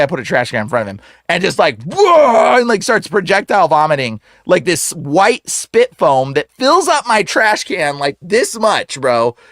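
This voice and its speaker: A man who is a guest on the show, telling a story in a casual, slangy way full of "like" and "bro", animated and acting out the voices in it. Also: high voice, no echo, studio quality. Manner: slangy, fills speech with "like" and "bro". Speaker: exorcist guest.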